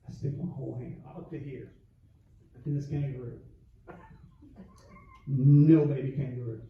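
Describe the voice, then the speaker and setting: A middle-aged man from the South, performing a stand-up comedy set with punchy storytelling and quick comic voices. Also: mid-range voice, little pitch movement, creaky, far from the mic. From American South. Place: comedy club stage. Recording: echoey club with crowd noise, lo-fi. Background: audience laughter.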